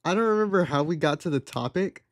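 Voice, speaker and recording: A man's voice: a little high, expressive, fast, dry recording, clean studio sound. A young man streaming live, casually telling a story in a sarcastic, exasperated, slangy way. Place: home streaming setup.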